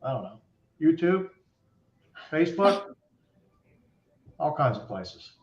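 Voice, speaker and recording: A man's voice: on the high side, very animated, takes it slowly, a little mellow, reverberant, lo-fi sound. A man guest in a casual chat, easygoing and joking. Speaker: guest speaker. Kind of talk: casual chat on a video call.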